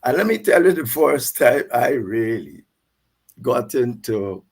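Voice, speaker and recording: A man in his seventies with a Guyanese accent, a guest recalling old stories in an animated way, repeating words and laughing between phrases. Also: mid-range voice, measured pace, slightly rough. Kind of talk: storytelling recollection.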